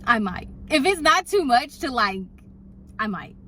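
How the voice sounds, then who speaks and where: A young woman tells a storytime with exasperation, full of "like" as she rants. Her voice sits a little high and sounds bright and sharp. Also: measured pace, slight background noise. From Puerto Rican heritage. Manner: exasperated, animated retelling with frequent "like". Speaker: hairstylist and storytime vlogger. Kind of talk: casual storytime rant.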